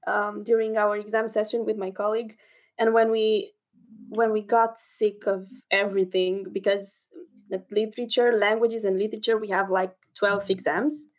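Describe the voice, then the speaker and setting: Halting young woman guest. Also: medium pitch, little pitch movement. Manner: hesitant, halting, with frequent fillers and laughs. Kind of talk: casual podcast chat over a call.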